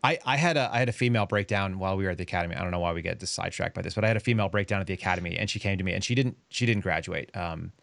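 A man's voice: sits low, creaky, fairly bright tone, no echo. A man hosting a podcast, telling stories in a blunt, sarcastic way. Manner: fast, blunt, sarcastic storytelling. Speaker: podcast host. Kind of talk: casual podcast talk.

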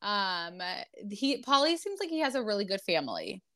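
A woman's voice: medium pitch, big pitch swings, normal speed, pushed and bright. A young woman co-hosting a podcast, chatting casually and rambling with lots of fillers and restarts. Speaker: podcast co-host. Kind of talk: casual recap chat.

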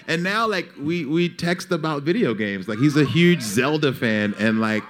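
A man in casual storytelling, acting out quoted lines and laughing often, with many fillers. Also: moderate pace. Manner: animated, acts out quotes with big pitch jumps. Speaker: panel guest.

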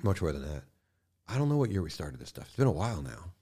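A man speaking as a podcast guest in casual conversation, impassioned, swearing freely and swinging from quiet to loud bursts. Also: low voice, big pitch swings, quick pace, breathy edge.

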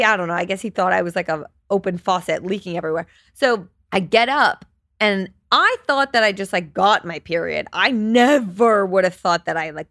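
A woman's voice: mid-range voice, a bit bright, dry recording, studio quality. A woman in her thirties hosting a solo podcast, telling a story in a candid, chatty way and swearing freely. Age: 30s. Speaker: podcast host.

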